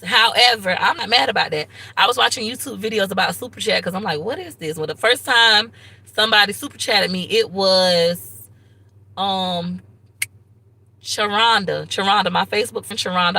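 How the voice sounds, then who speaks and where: A woman hosting a casual live stream, chatting to her viewers in a slangy, effusive way and now and then shrieking with excitement. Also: medium pitch, low-quality recording. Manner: slangy, chatty, talks straight to viewers as "y'all".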